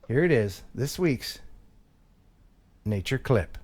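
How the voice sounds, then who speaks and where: Teasing male stream host, lively pitch. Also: takes it slowly. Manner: playful, teasing, laughs often. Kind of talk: casual live-stream banter.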